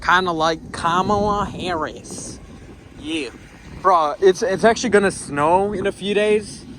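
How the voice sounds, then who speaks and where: A man's voice: high-pitched, a little hiss or hum, poor audio. Slangy young man chatting while driving. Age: young adult. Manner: joking, rambling, slangy and profane. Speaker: vlogger. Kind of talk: casual POV driving vlog chat. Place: inside a car while driving.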